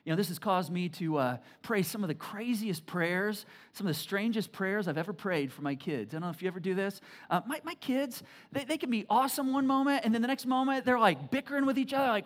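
A pastor preaching a sermon, telling family stories with animated, repetitive emphasis. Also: male voice, extremely high pitch, quick pace.

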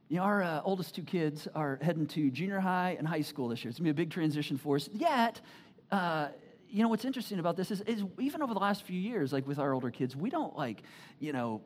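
Chatty preacher, keeps asking "right?", swings from low asides to loud bursts. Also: husky. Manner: animated, conversational, frequent "right?" asides. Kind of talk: sermon.

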